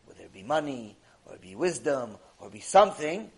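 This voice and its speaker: Animated man teaching a lesson. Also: mid-range voice, fairly quick, vocal fry, low-quality recording. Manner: animated, acts out dialogue in a story. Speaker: rabbi teaching Jewish ethics. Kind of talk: lecture with acted-out story.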